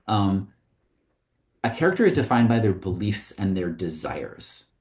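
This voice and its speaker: Man, lowish voice, casual comedy writing lesson, filler words, roomy echo. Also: very animated, a little slow, a little mellow. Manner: conversational, with frequent ums and likes. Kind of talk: casual teaching talk.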